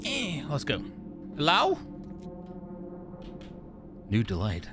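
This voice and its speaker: A man giving casual gameplay commentary, excitable and profane, joking with the characters he meets. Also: mid-range voice, a little slow, music in the background. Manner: excitable, profane, jokey, talks to game characters. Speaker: gamer streamer. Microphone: studio microphone.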